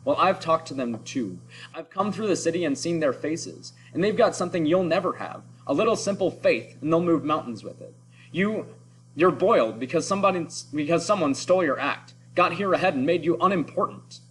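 A man's voice: mid-range voice, expressive, brisk, few pauses, a little hiss or hum, lightly acted, poor audio. A man voicing an earnest young crew member who defiantly stands up to his captain in a story read-aloud.

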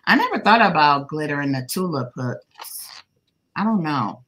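A woman's voice: deep voice, big pitch swings, measured pace, fairly bright tone, slight background noise. A woman hosting a casual craft livestream while crocheting. She greets her viewers one by one by name and teases them playfully. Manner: playful teasing with laughter. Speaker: livestream host.

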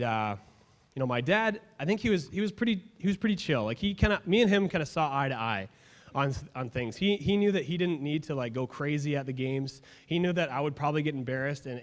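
A young man preaching a sermon as a pastor, telling stories in a casual, humorous way. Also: mid-range voice. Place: church sanctuary. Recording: long hall reverb.

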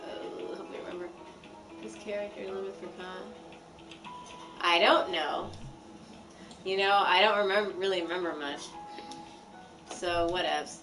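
A woman streams a story game, reading the lines with playful drama. Her voice sits a bit away from the mic. Game music plays clearly behind her. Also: lowish voice, steady tone, measured pace, long pauses, a bit bright, far from the mic, rough recording. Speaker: let's play streamer. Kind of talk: game playthrough, reading dialogue aloud.

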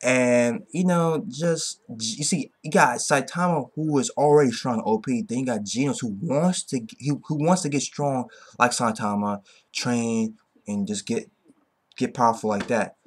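A man giving a casual, excitable episode review, rambling and swearing, tagging sentences with "okay?". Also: medium pitch, a little slow, husky. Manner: swears freely. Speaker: anime reviewer.

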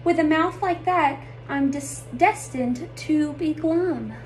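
A woman's voice: high-pitched, takes it slowly, a little mellow, slight background noise. A woman voicing a gloomy pouting male fish in a sing-song storybook read-aloud. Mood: glum. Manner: sing-song rhyming refrain, mopey.

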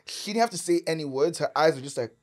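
Talking fast in a voice on the high side, a man from Canada spins a wild story as a podcast guest. It's casual, animated storytelling, full of swearing, laughter and "like."

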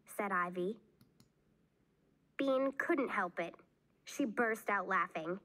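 A woman reading a children's chapter book aloud in an expressive, unhurried storytelling manner. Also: mid-range voice. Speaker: read-aloud narrator.

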